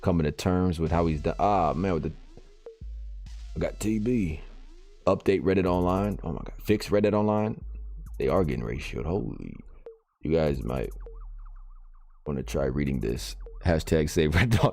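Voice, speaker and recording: Streamer, male, very low voice, loose chatty delivery reacting to chat, soft music underneath. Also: lively intonation, moderate pace, gravelly. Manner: chatty, reacts to viewer comments and posts as he reads them. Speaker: game streamer. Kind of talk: casual live-stream chat.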